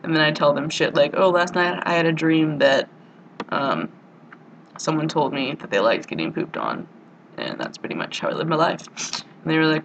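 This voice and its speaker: A woman's voice: low voice, lively intonation, fairly quick, gravelly, muffled recording, a little hiss or hum. A young woman in a casual vlog monologue, rambling and self-mocking, swearing freely and full of "like" and "you know". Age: young adult. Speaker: vlogger. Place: college dorm room.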